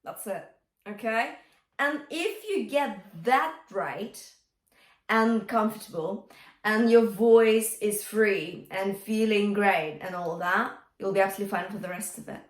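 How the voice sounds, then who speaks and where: A woman's voice: medium pitch, measured pace. A woman teaching a singing lesson as a vocal coach, encouraging and singing example phrases. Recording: roomy and a bit distant from the mic.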